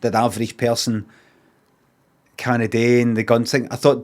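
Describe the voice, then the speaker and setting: A Scottish man streaming, telling a story in a casual, sweary rant and acting out both sides of an argument in quick asides. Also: medium pitch, steady tone, darkish tone.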